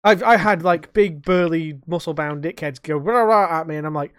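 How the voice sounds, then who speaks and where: A young man, hosting a casual podcast chat and telling animated stories that he acts out and laces with swearing. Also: a little high, a little fast, few pauses, smooth, no echo, studio quality. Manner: animated storytelling, swearing, acting out quotes. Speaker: podcast host.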